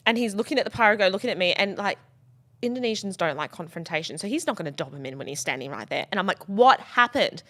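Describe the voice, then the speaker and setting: A woman co-hosting a casual podcast, telling stories in an animated way, swearing freely and acting out what people said. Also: fairly low pitch, racing. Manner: animated storyteller, swears freely, acts out quotes. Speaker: podcast co-host and wedding planner.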